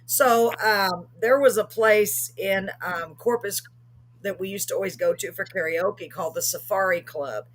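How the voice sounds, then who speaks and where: A woman with a husky, slightly breathy voice tells a long story as host of a live show. She rambles casually, full of ums and quick self-corrections. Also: medium pitch.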